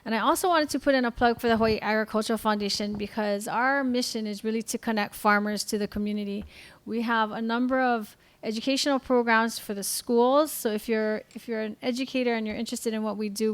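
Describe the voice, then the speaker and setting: A woman moderating a panel, closing with measured thanks and announcements. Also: on the high side, clean tone. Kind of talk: closing remarks at an event.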